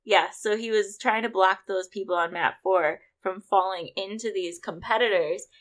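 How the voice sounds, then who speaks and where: A woman co-hosting a casual podcast, telling lively stories and laughing often. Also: medium pitch, moderate pace. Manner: animated storytelling, acts out voices, laughs often. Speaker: podcast co-host, scorekeeper. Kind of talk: casual chat.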